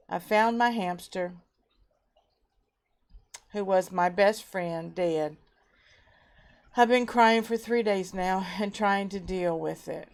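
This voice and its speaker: Woman, casual live stream host, leisurely pace, clean resonant voice, webcam audio. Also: mid-range voice. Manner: reads viewer comments aloud and greets them warmly by name. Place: home fish room.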